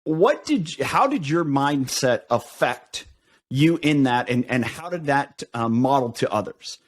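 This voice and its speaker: Male podcast host, mid-pitched, halting, supportive interviewer. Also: animated. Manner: halting, many restarts, encouraging. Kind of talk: interview questions.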